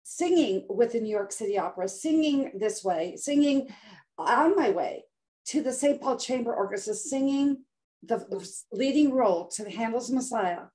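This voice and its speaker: Older woman, dramatic storyteller, higher voice. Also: animated, moderate pace, warm tone. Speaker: guest health coach. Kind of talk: storytelling interview.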